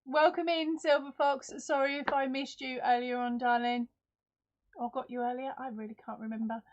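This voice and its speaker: A chatty woman with an Essex accent hosts a live stream, calling viewers by name and poking fun at herself. Her voice sits a touch high. The sound is dull and lo-fi, like home streaming audio. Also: steady tone, moderate pace. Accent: Essex English. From Essex, England. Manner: chatty, self-deprecating, talks to viewers by name. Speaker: crochet channel host. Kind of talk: live-stream giveaway chat.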